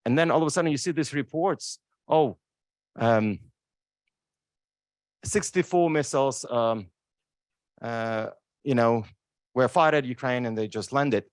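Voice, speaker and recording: Speaking on a law school panel in a lecture room, a man delivers an impassioned, emotional talk, frequently asking the audience "right?" His mid-range voice is unhurried and full of pauses, captured at studio quality with no echo.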